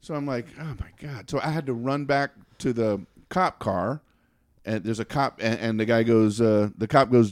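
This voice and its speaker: A man's voice: mid-range voice, animated, pushed and bright, dry recording, clean studio sound. A man casually telling a funny anecdote, stumbling over words and laughing as he goes. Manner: halting, repeats words, laughs through the story. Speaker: storyteller.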